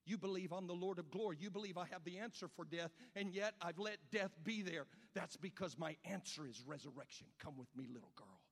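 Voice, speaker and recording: A man preaching, voicing Jesus consoling a grieving woman in a soft, gentle tone. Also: high-pitched, a little fast, hardly any pauses, voice pushed up. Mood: tender. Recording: long reverb of a large hall.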